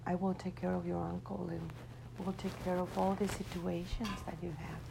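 A woman voicing a gentle, commanding mother spirit who speaks softly and reassuringly, at times close to a whisper. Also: lowish voice, level tone, moderate pace, gravelly, background noise. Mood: tender. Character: gentle divine mother spirit, female, commanding yet tender.

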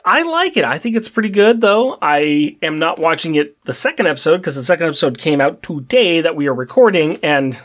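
A chatty podcast co-host with a voice that moves up and down a lot. Teasing and relaxed, this host keeps the chat moving and pulls it back to the topic. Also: medium pitch, brisk, hardly any pauses. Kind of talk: casual chat.

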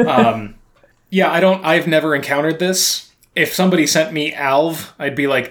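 A man's voice: a little high, lively intonation, measured pace, long pauses. A man co-hosting a podcast in casual chat, wry and dryly sarcastic, often restarting his sentences. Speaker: podcast co-host.

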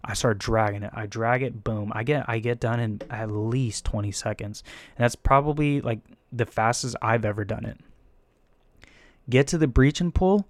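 A young man telling a casual, profane story about taking a firefighter test, rambling and animated with frequent restarts. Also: medium pitch, moderate pace, dry recording. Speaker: firefighter candidate.

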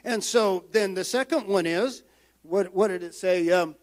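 A man preaching a sermon as pastor, swinging from loud emphatic calls down to quiet, low-spoken passages. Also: unhurried. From United States.

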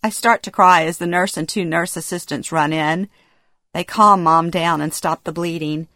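With a bright, forceful, fairly low voice and a steady tone, a middle-aged woman reads her own memoir at a moderate pace. She narrates in the present tense and plays out the dialogue emotionally, in studio-quality sound with no echo.

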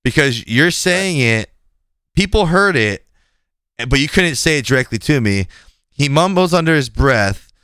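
Mid-range and clean in tone, this man's voice moves at a measured pace, captured in a podcast studio with clean sound and no echo. He casually tells a frank, animated story of a clash at work, voicing every person's part in dialogue.

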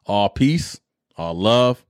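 Middle-aged male podcast host, lively exasperated rant, dry close sound. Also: lowish voice, extremely slow, clean tone, dry recording. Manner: animated, exasperated ranting with repetition.

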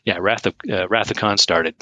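A man's voice: lowish voice, fairly even intonation, normal speed, bright, forceful tone, dry recording, dull audio. A man co-hosting a podcast in casual chat, rambling with many fillers and restarts. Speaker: podcast co-host.

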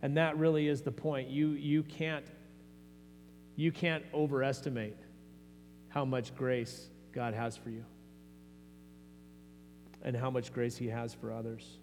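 A man's voice: medium pitch, little pitch movement, measured pace, pauses often, darkish tone. A man preaching a sermon as pastor, earnest and conversational, often restarting his phrases. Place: church sanctuary. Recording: long hall reverb, faint mains hum.

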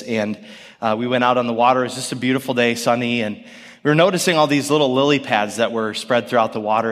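A man in his thirties preaching a sermon as pastor, earnest and storytelling, with gentle pauses. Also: medium pitch. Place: church sanctuary. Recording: long church hall reverb.

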